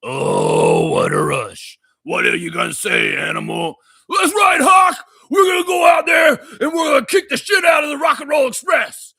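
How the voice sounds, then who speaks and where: A man voicing a gravelly, shouting male tag-team wrestler cutting a fierce promo. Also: very high voice, wildly swooping pitch, normal speed, no echo, clean studio sound, some chatter behind, pitched above the performer's own voice, full character voice. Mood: roaring.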